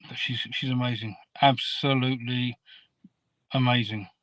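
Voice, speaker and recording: A man from England chatting as a guest on a video call, soft-spoken and a little halting. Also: medium pitch, steady tone, no room sound. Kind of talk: casual video call chat.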